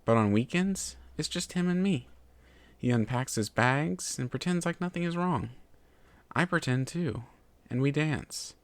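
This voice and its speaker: A man narrating a fan fiction story in a steady, measured way. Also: a little high, no room sound. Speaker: story reader.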